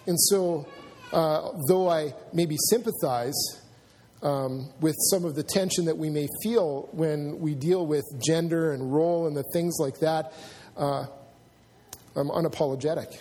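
A man preaching a sermon in a church, earnest and halting, often restarting his sentences and filling pauses. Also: fairly high pitch, warm tone. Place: church sanctuary.

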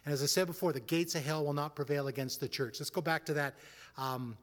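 Fervent preacher in a reverberant hall. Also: male voice, a little high, steady tone, fast. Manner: rising into fervent preaching, stumbles over restarts. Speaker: pastor. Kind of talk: sermon.

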